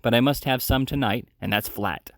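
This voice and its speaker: A man's voice: medium pitch, moderate pace, vocal fry, no echo, studio quality, close to an everyday voice. A man reading aloud as a sick, bitter male housebreaker who growls his resentful demands. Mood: surly.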